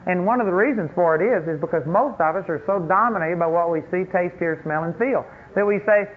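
A man preaching a sermon as pastor, emphatic and quick to act out the voices of complainers. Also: sits high. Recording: tinny phone-like radio broadcast, faint noise.

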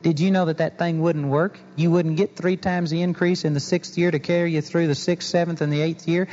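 A man's voice: a little high, a little mellow. Earnest male preacher, lo-fi sound. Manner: earnest teaching, acts out prayers in a pleading voice. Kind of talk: sermon. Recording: dull lo-fi sound.

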